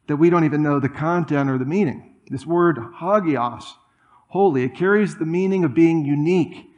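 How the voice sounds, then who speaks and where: A man preaching a sermon in a church, conversational and animated, with asides and humor. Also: on the high side, highs cut off. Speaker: pastor. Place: church auditorium.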